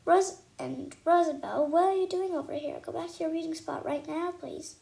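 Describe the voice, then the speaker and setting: A woman's voice: very high-pitched, normal speed, vocal fry, warm tone, pitched above the performer's own voice, heavily acted. Woman reading as a stern schoolteacher.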